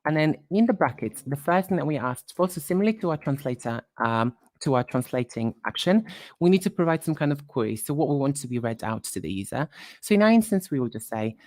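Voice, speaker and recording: A woman presenting a live software tutorial, talking while she clicks through screens and quickly corrects her own slips. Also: sits low, animated, no echo, studio quality.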